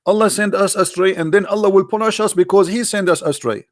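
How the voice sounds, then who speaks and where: A man's voice: sits high, no room sound, studio quality. Sarcastic man in mocking commentary. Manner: mocking, repetitive, halting non-native English. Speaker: religious debate host.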